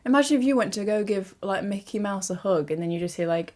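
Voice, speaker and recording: A young woman, talking through a casual vlog in a chatty, animated way with self-mocking asides. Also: mid-range voice, fast, background noise. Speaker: YouTuber.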